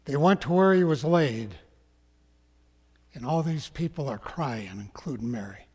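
A man preaching a sermon as a pastor, slow and emphatic, sometimes dropping to a hush. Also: medium pitch, animated, slightly rough. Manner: slow, emphatic preaching that drops to hushed tones. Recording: long echoing hall.

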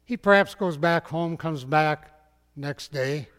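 A man's voice: a little high, takes it slowly, a bit bright. A man preaching a storytelling sermon in a folksy way, speaking directly to his listeners. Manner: folksy, addresses the audience directly. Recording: long hall reverb.

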